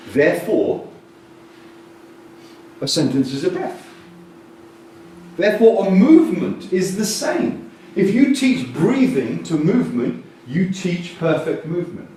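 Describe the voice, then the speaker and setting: A man giving a lively, jokey, blunt conference talk on communication, bursting out loudly now and then. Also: fairly high pitch, measured pace, pauses often. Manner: animated, jokey and blunt, with sudden loud bursts. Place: large conference hall. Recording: distant echoey hall recording with faint noise.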